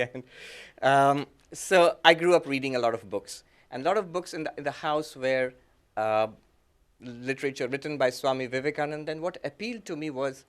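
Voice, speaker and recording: A monk gives a reflective lecture, weaving his own story into the teaching. He is a man with a slightly raised pitch who speaks gently. He pauses with fillers and breaks into soft laughs. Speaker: monk giving a talk.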